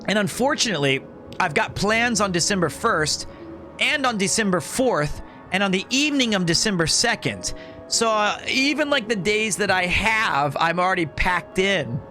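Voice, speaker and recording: A man's voice: high voice, expressive, moderate pace, bright, forceful tone, faint music behind. A man streaming a video game, chatting casually and rambling to his viewers between puzzles. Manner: chatty, rambling, talks to chat. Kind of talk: casual gaming stream chat.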